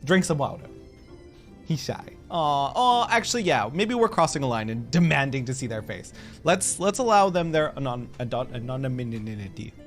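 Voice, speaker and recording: A woman with an extremely low, sing-song voice streams a game at a moderate pace, chatting playfully and goofily with her viewers. Game music plays in the background of this casual livestream chat.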